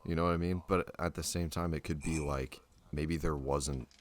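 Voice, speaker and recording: A man's voice: a bass voice, fairly even intonation, normal speed. A young man co-hosting a podcast in casual chat, loose and full of fillers. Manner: loose, filler-heavy talk with "dude". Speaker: podcast co-host.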